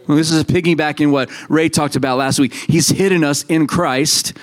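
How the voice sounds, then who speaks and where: A man's voice: a little high, fairly even intonation, moderate pace. A man in his thirties preaching a sermon in a conversational way, telling stories and acting out quoted voices. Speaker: pastor.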